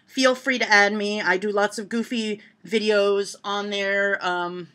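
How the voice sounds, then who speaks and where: A woman's voice: medium pitch, steady tone, unhurried. A woman vlogging from home, reading joke lists aloud to her camera and laughing at the punchlines. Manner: reads jokes aloud and reacts with loud laughter. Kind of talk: casual joke-reading vlog.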